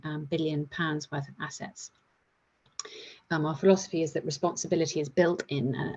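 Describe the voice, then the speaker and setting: A woman's voice: deep voice, a little mellow, slightly rough, dull audio. A woman speaking on a video call, presenting slides in a casual, chatty way with many fillers. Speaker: investment manager speaking at a webinar. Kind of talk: presenting slides in an online webinar.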